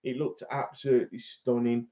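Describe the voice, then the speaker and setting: Male host, casual and chatty, average pitch, lo-fi recording. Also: flat delivery, moderate pace, warm tone. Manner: chatty, laughs often, reads out viewer comments. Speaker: fishing channel host. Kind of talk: casual live-stream chat.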